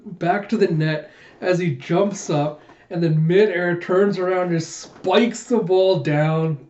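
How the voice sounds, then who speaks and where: Man, excitable casual recap, mellow tone, dull echoey room sound. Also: high voice. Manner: excitable, reads panels aloud in quick put-on quotes, laughs often. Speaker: manga reaction host.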